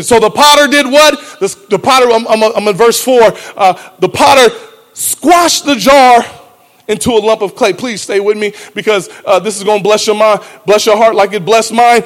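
A woman preaching a lively sermon, emphatic and often shouting, laughing between lines and calling out to the congregation. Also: fairly high pitch, normal speed.

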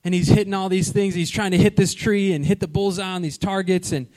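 A man preaching a sermon, telling a story with animated delivery and questions to the congregation. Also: high-pitched, fairly quick. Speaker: pastor.

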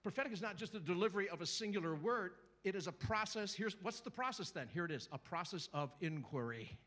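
A middle-aged man preaching a sermon to a church congregation, lively and joking, acting out little voices and calling out to the crowd. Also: high-pitched, a little fast. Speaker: guest preacher.

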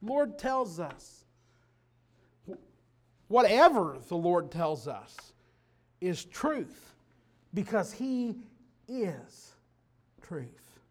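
A man preaching a sermon, dropping low and quiet then rising to loud, emphatic declarations. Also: sing-song, extremely slow, long pauses.

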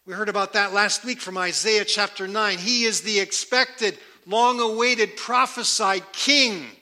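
A man preaching a sermon, emphatic and repeating key words with slow, deliberate stress. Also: sits high, fairly even intonation, pushed and bright. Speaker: pastor.

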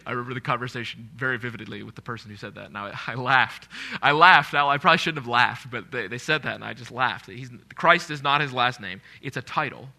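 Guy preaching a sermon, really bright sharp voice, chatty, keeps asking the crowd stuff. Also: medium pitch, fast, gravelly, few pauses. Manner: conversational, asks the congregation questions.

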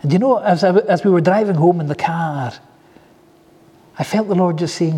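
In a large, echoing hall, a pastor delivers a sermon full of heartfelt stories and gentle asides. His high-pitched, mellow voice carries a touch of huskiness, moving at a moderate pace with long pauses.

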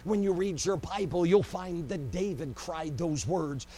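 A man preaching a sermon with great passion, swinging between loud cries and hushed, low passages. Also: measured pace, breathy edge. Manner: impassioned, swings from shouting to hushed.

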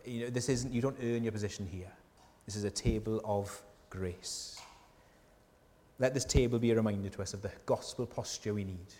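A man preaching a sermon in a church, earnest and conversational, often asking the listeners rhetorical questions and dropping softly on key lines. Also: lowish voice, moderate pace. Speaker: pastor. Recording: long hall reverb from a church.

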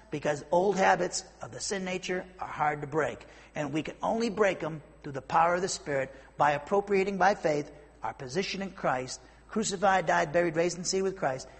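A man's voice: on the high side, breathy edge, long reverb tail. A man preaching an expository sermon, emphatic, rising into rhetorical questions. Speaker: pastor.

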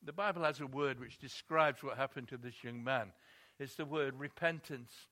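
A man's voice: mid-range voice, normal speed, pushed and bright. A man preaching a sermon, telling a story expressively and building emphasis on key points.

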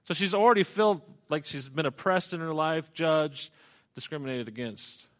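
A man delivering a sermon in an easy, conversational way. His voice sits a little higher than most men's. He reads a scripture passage line by line and stops often to explain it in his own words. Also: normal speed. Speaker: preacher. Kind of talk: expository sermon.

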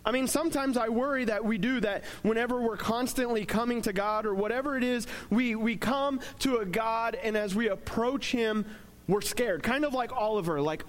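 A man's voice: sits high, normal speed. A young man giving a casual, joking sermon as a pastor, talking conversationally with plenty of fillers.

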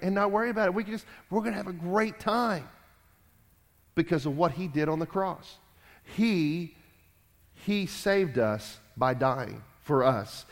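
A man preaching in a church, his fairly high voice ringing through a long hall reverb. He preaches emphatically, repeats his lines, and swings between loud declarations and quiet asides. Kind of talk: sermon.

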